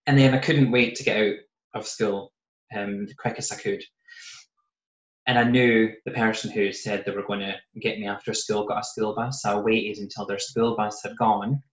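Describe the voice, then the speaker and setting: A British man quietly telling a personal story in a casual podcast chat, often voicing what he said and thought back then. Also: on the low side, fairly even intonation, moderate pace. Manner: soft-spoken, recounting with quoted asides. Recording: roomy, slightly muffled podcast audio.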